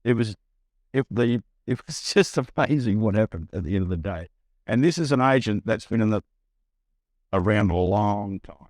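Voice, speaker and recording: Aussie guy, middle-aged, lowish voice, tells a story, acts out the voices, close dry mic. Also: moderate pace, dry recording. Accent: Australian. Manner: animated, acts out quoted voices, frequent restarts. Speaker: buyer's agent. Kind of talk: storytelling in a podcast interview.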